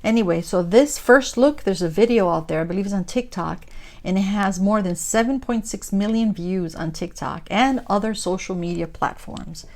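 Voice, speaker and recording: A woman's voice: mid-range voice, normal speed. A woman crafting vlogger chatting casually while diamond painting, retelling a story with lots of fillers and gushing asides to her viewers. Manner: warm, gushing asides addressed to viewers as guys.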